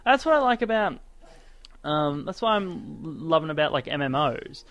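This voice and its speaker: A man's voice: fairly high pitch, big pitch swings, normal speed, fairly bright tone, muffled recording. A man giving casual, sarcastic let's-play commentary as he plays, ranting and exclaiming at the game. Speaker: gaming commentator and podcaster.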